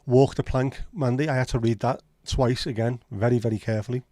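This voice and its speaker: A man's voice: mid-range voice, steady tone, a little fast, dark tone, no room sound, clean studio sound. A man with a Scouse accent hosting a livestream, chatting casually and answering viewers in blunt, sweary banter. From Liverpool, England. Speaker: livestream host. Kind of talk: casual chat reading live comments.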